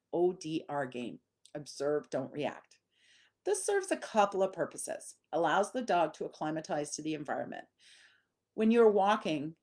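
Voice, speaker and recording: A woman's voice: on the low side, a little mellow. A middle-aged woman from Canada, a dog trainer explaining training in a conversational way and briefly acting out what dogs and owners say. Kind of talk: instructional talk.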